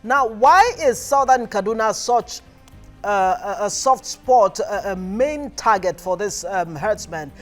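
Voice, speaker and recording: Nigerian male TV host, high voice, probing and halting. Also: animated, a bit bright, soft background music. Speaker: news show host. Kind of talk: news talk show interview.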